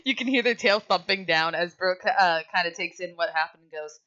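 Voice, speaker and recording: Bright-voiced woman game master. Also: on the low side, brisk, lo-fi sound. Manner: casual, laughing, swears freely. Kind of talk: narrating a tabletop game.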